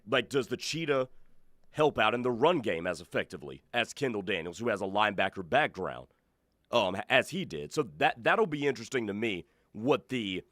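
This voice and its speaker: A man's voice: lowish voice, a bit bright, no echo, studio quality. A man co-hosting a sports talk radio show as producer, chiming in with questions and reactions. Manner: chatty, adds questions and reactions. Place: radio studio.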